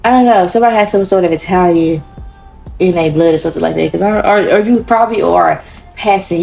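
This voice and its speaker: A woman's voice: medium pitch, quick pace, creaky, darkish tone, soft background music. A woman giving a casual pick-a-card tarot reading, talking in a chatty, rambling way with a lot of swearing and laughter. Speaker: tarot reader.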